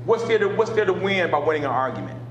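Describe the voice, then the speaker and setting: A man's voice: high voice, very animated, fast, heavy reverb, dull audio, slight background noise. A man preaching as a pastor, repeating phrases and drawing responses from listeners. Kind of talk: sermon teaching.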